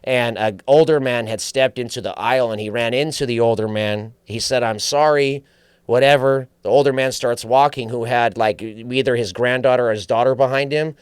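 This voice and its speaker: A man's voice: medium pitch, fairly quick, few pauses, clear, resonant tone, no echo. A man guest on a podcast, telling stories in casual chat with profanity, acting out quoted voices. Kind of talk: casual storytelling.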